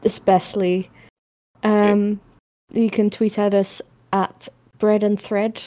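A woman with a Northern English accent, co-hosting a podcast in a relaxed, easygoing chat. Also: mid-range voice, slow pace. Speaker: podcast co-host. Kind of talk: casual chat.

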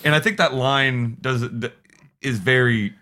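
A man's voice: medium pitch, measured pace, bright, forceful tone. A man co-hosting a podcast, chatting casually and enthusiastically about a horror film, swearing and laughing often. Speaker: podcast co-host.

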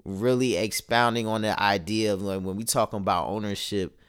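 Guy on a podcast, chill reflective chat, smooth lowish voice. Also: fairly even intonation, normal speed, fairly bright tone. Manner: laid-back, reflective, trails off and restarts. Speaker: podcast co-host. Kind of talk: casual chat. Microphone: phone-like call audio.

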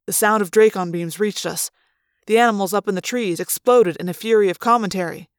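Woman, audiobook narration, slow deliberate delivery, dry close sound. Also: medium pitch, no echo. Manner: slow, deliberate dramatic reading. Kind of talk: audiobook reading.

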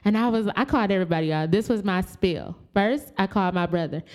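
A woman telling a family story in a casual chat, dramatic and lively, shouting out the lines she quotes. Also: mid-range voice, a little fast, hardly any pauses.

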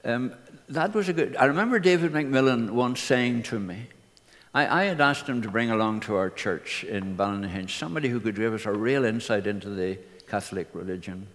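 A man's voice: medium pitch, lively intonation, brisk, a bit bright. An older man, a minister earnestly telling personal stories to his congregation. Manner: earnest anecdotal storytelling. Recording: reverberant hall.

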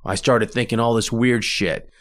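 A man's voice: mid-range voice, steady tone, normal speed. A man hosting a podcast, telling rambling personal anecdotes in a casual solo monologue and often restarting his sentences. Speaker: podcast host.

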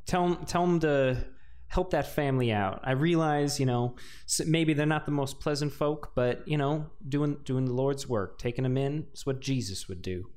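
A man's voice: mid-range voice, normal speed, hardly any pauses, a little mellow, close to an everyday voice. Man as a Texan-accented priest, folksy drawl, reassuring. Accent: put-on Texan. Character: folksy middle-aged male priest.

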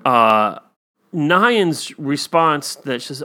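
Man with a slightly high voice, rambling. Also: animated, unhurried, fairly bright tone. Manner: rambling storyteller, many fillers, acts out quotes. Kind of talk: casual discussion of a TV episode.

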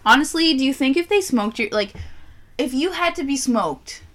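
A young woman co-hosting a casual beer-tasting chat, joking and animated with crude humor. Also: high voice, normal speed. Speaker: podcast co-host.

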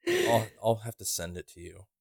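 A man's voice: deep voice, fairly even intonation, normal speed, creaky, slightly rough, dry recording, studio quality. A man co-hosting a podcast in casual chat, rambling and wry, swearing now and then. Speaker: podcast co-host.

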